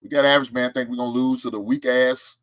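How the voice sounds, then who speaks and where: A man's voice: mid-range voice, fairly even intonation, fast talker, fairly bright tone. A man hosting a casual live-stream sports talk show, boasting about his predictions and firing back at the chat with laughs and trash talk. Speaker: show host.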